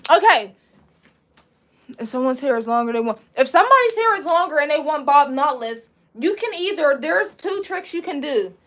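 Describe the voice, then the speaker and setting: High-voiced young woman teaching braiding live. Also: fairly bright tone. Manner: casual, chatty, answers viewer questions while working. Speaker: braiding instructor. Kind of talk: live-streamed hair braiding class.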